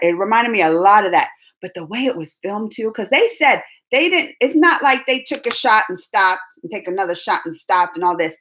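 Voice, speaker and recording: A young adult woman hosting her channel, answering viewer questions in a casual, talkative way and laughing often. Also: mid-range voice. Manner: animated and talkative, laughs often, restarts sentences. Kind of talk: casual livestream chat.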